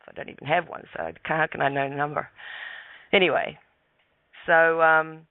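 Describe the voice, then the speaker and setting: A man with a slightly high, gravelly voice tells a story casually and calmly, stumbling over his words and restarting often. He is calling in as a guest on a radio show. The sound is thin and tinny, like a dry phone line with no room sound. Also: normal speed, no echo. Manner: calm, relaxed, stammering restarts.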